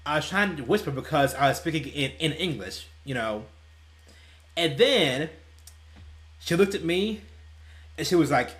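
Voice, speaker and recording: A man's voice: on the high side, animated, normal speed, long pauses, a bit bright. A young man and gaming YouTuber telling stories casually, rambling and laughing at his own tales, with faint music behind him. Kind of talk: casual storytelling while playing.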